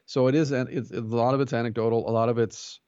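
A man's voice: medium pitch, fairly even intonation, fast talker, a little mellow, clean tone, no room sound, lo-fi sound. A man who is a pastor and jiu-jitsu instructor, talking earnestly as a podcast guest and telling stories with quoted dialogue. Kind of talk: conversational interview.

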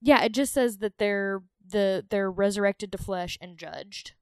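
A young woman with a Southern US accent jokes her way through a casual podcast conversation. Her voice is smooth and clear, recorded dry and close with no room sound. She talks with a sarcastic, playful edge. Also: medium pitch, a little slow, dry recording. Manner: joking, sarcastic, laughs often. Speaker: podcast co-host. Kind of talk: casual irreverent chat.

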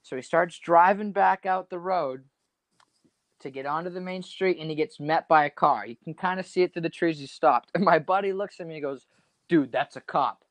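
A young adult man casually telling a wild story, animated and slangy, saying "dude" a lot. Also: on the high side, a little fast, no room sound.

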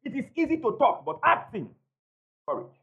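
Pastor, high, lively voice, emphatic call-and-response preaching, slightly muffled church recording. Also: male voice, normal speed, husky. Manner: emphatic preacher, repeats key phrases, call-and-response with congregation. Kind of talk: sermon. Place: church hall before a congregation.

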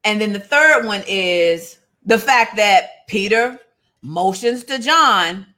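A woman giving a lively, conversational Bible lesson, calling out to her listeners. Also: mid-range voice, takes it slowly. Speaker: Bible study teacher. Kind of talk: casual sermon-style Bible teaching.

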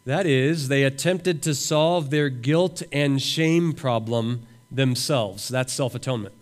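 A man's voice: mid-range voice, unhurried, hardly any pauses. A man preaching a sermon as a pastor at a camp, reading scripture aloud and voicing imagined prayers with earnest emphasis. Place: camp meeting room.

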